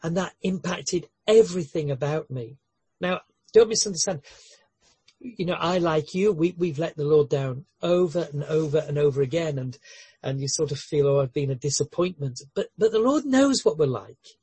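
A man's voice: on the high side, animated, normal speed, mellow, husky, no room sound. A man preaching a sermon in an earnest way, with light humorous asides and frequent word repetitions and restarts.

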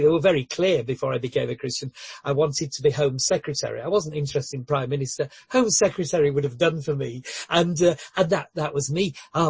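A man's voice: on the high side, vocal fry, darkish tone, slightly rough, no echo. A man preaching a sermon in an earnest way, with light humorous asides and frequent word repetitions and restarts.

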